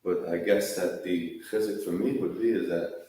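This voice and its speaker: A man's voice: low voice, fairly even intonation, normal speed, dark tone. A man telling a story in a sermon at a Tisha B'Av gathering, in a casual, repetitive way. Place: large hall, sitting on the floor. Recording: echoey hall from far off.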